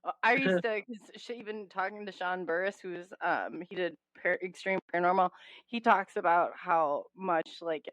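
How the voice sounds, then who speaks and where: A woman's voice: fairly low pitch, normal speed, a bit bright, no echo. A woman hosting a radio show, chatting casually and enthusiastically, often stumbling over her words with fillers. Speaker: host. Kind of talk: casual radio interview chat. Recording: dry, dull lo-fi audio.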